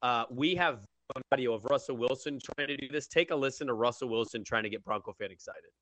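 A man's voice: medium pitch, fast talker, fairly bright tone, dry recording. A man hosting a sports talk show, bluntly mocking what he has just heard. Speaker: radio sports host.

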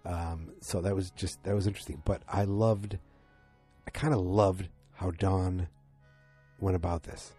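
Deep husky guy rambling thru a tv recap, dark mellow tone, faint music behind. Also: steady tone, measured pace. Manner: rambling, many fillers and restarts, acts out quotes. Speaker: TV episode recapper. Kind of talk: casual spoken recap.

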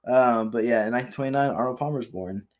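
A man's voice: mid-range voice, quick pace. Young man reading dates off a list. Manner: reads "on this day" entries off a list, then cracks dry jokes. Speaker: podcast co-host reading historical dates. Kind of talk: casual comedic chat.

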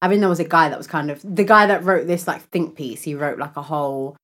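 A young woman co-hosting a casual podcast, slangy and quick to laugh. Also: deep voice. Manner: lively, laughs often, slangy. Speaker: podcast co-host. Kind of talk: casual chat.

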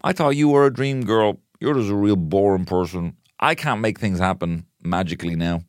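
A man voicing a smitten young man who delivers a cheesy pick-up line and sulks when it falls flat, in a whiny, exaggerated way. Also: on the low side, normal speed, no room sound, clean studio sound, lightly acted. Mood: sulky.

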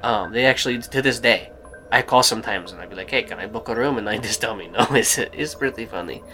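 Bright-voiced male game master. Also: lowish voice, faint music behind. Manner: rambling, halting, with fillers and laughs. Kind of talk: narrating a tabletop game.

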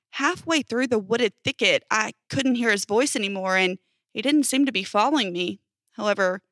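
A woman's voice: mid-range voice, a bit bright, no room sound. A woman reading strange first-person stories aloud in a casual storytelling manner, with emphatic swearing. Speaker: narrator reading posts.

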